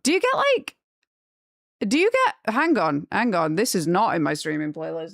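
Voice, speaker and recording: A young woman chatting casually on a live stream, rambling and gushing when excited. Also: lowish voice, a little fast, vocal fry, dry recording, studio quality.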